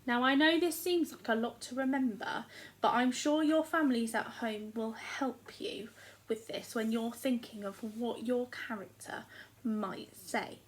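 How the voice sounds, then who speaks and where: A young woman with an English accent, a primary school teacher giving a recorded lesson in a slow, clear, encouraging way to small children. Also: fairly high pitch, poor audio.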